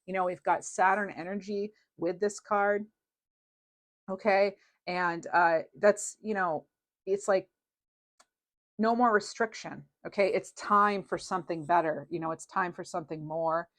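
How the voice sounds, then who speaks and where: A woman's voice: lowish voice, steady tone, measured pace. A woman reading tarot cards in a casual, rambling and reassuring way, with many fillers. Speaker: tarot reader.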